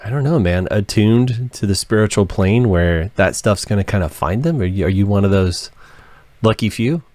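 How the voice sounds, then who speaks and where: A man's voice: fairly low pitch, lively intonation, moderate pace, darkish tone, no room sound. A man hosting a podcast, chatting casually and laid-back with his guest. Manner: laid-back, says "dude" and "brother". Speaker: podcast host. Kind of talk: casual interview chat.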